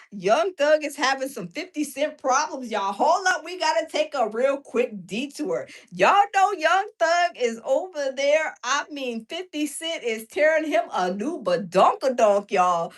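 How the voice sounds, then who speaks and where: A woman hosts a casual live stream, her voice sitting high and swooping widely as she jokes and chats with the audience. She laughs often and talks in an animated, gossipy way. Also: measured pace, few pauses. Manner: animated, laughing, chatting with viewers. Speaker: livestream host.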